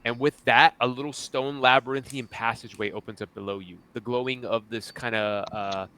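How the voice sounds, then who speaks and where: Young male game master: bright tone, casual, filler-heavy narration. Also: mid-range voice, steady tone, a little fast, clear, resonant tone. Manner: casual, loose, full of fillers.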